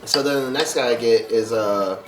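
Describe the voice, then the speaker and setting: Sitting well away from the microphone, a podcast guest with a medium-pitched voice and normal pace relays a long, profanity-laced anecdote in casual chat, impersonating the people in it. The sound is roomy and off-mic, with loud music behind him.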